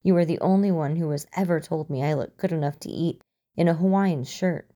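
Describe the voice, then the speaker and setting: A woman's voice: sits low, a little fast, mellow. A woman voicing a drunk, sentimental, foul-mouthed young man with a theatrical delivery, in a storybook reading. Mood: mock-tender. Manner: theatrical, sweary.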